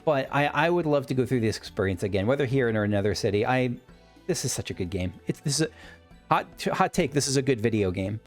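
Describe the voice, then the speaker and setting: A man's voice: medium pitch, expressive, fast talker. A man commenting casually on a video game as he plays, full of enthusiasm and prone to rambling. His voice swoops up and down freely. Faint game music plays behind him. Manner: enthusiastic, rambling, self-interrupting. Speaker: let's play host.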